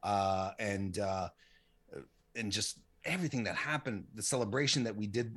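A man's voice: on the low side, moderate pace, fairly bright tone, slightly rough. A man in his late forties answering interview questions casually, rambling with lots of restarts and fillers. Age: late 40s. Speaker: interview guest, women's wrestling site runner.

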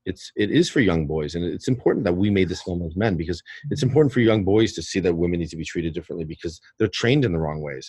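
A man, a filmmaker, speaking earnestly and in a measured way in an interview. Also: low voice, a little mellow, husky, no room sound. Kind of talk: reflective interview commentary.

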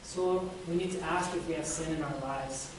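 A woman's voice: deep voice, normal speed. A woman preacher giving a conversational sermon, speaking directly to her listeners. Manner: conversational, addresses listeners as guys. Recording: echoey room, distant mic, faint noise.

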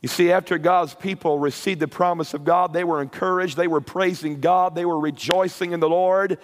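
A man preaching a sermon with passion, rising to shouted peaks and repeating words. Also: high voice, steady tone, moderate pace, in a large hall. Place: church or camp meeting hall.

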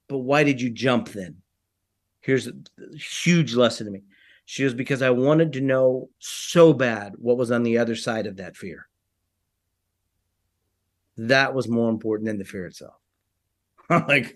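In an animated, casual retelling of something that happened to him, this man performs the quoted voices of the people in the story. His pitch is medium and his pace a little slow.

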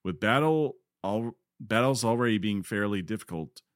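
A man's voice: on the low side, lively intonation, moderate pace, dry recording, studio quality. A man co-hosting a casual gaming podcast, joking and reading news items aloud. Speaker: podcast co-host.

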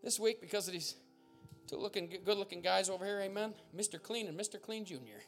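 A man preaching a sermon as pastor, fiery and loud at peaks, with folksy jokes and asides. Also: high voice, brisk, faint music behind. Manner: fiery preaching, bursts into shouts.

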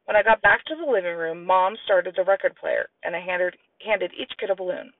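Brief: animated male storyteller, gravelly, thin lo-fi radio quality. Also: a little fast, no room sound, recorded from a distance. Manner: lively, plays children's voices in high squeals. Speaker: audiobook narrator. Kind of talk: storybook narration with voiced characters. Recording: tinny, lo-fi, radio-like sound.

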